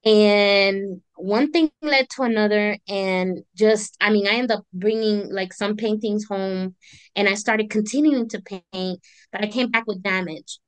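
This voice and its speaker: Speaking a little slowly at medium pitch on a dry recording, a middle-aged woman shares her story as an interview guest. She is an artist and army veteran, and she tells it animatedly, acting out the voices involved.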